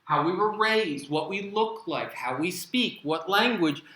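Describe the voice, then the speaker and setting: American male keynote speaker, animated and emphatic, bright tone, roomy hall sound. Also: high voice, measured pace. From United States. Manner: animated, sarcastic asides, emphatic. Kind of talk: conference keynote talk. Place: conference hall.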